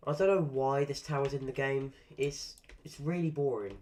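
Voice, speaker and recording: A gaming streamer with a cold gives casual gameplay commentary in a stuffy, congested voice, tossing in dry, grumbling, self-mocking asides. He speaks at normal speed in a mid-range voice that's a little mellow.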